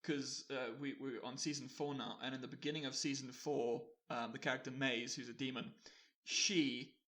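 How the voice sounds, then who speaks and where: A man's voice: medium pitch, steady tone, normal speed, fairly bright tone. Playful man with mid-range voice. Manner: playful and joking, laughs often, stammers restarts. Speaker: podcast co-host. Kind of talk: casual gaming podcast chat.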